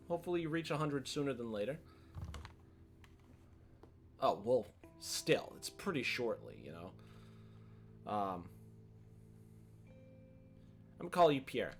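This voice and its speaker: A young man streaming a story game, chatting excitably with his viewers between readings. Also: medium pitch, measured pace, pauses often, soft background music. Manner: excitable, chatty, talks to chat. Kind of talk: casual gameplay chat.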